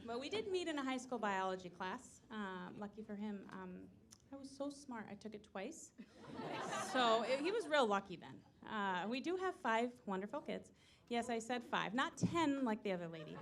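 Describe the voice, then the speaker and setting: A woman's voice: on the high side, background noise. A woman in her thirties telling self-deprecating stories in a stand-up comedy set. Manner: self-deprecating, animated storytelling. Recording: live room with audience laughter.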